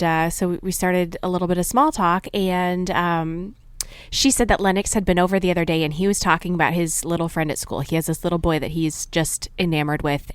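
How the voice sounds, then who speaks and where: A woman in her thirties co-hosting a podcast, telling stories in a relaxed, chatty way with easy laughs. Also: on the low side, clear, resonant tone, dry recording, studio quality. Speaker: podcast co-host. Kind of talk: casual chat.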